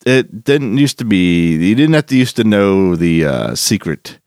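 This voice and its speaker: A man co-hosting a podcast in casual chat, with a gravelly voice, rambling and restarting as he talks. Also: low-pitched, a little slow, no echo, studio quality. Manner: animated, rambling with frequent restarts. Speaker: podcast co-host.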